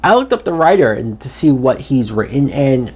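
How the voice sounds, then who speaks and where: A man hosting his own channel, giving a casual, exasperated spoken movie review with emphatic jumps in pitch and chatty fillers. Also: sing-song, moderate pace, a little mellow, slightly rough. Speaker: film reviewer, channel host.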